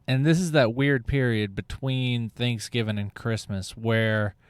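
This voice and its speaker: A male podcast host who talks slowly through a sarcastic, rambling comedic monologue. His voice is smooth and clear, recorded close on a mic in a dry space with no room sound. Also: mid-range voice, steady tone, no room sound. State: out of breath.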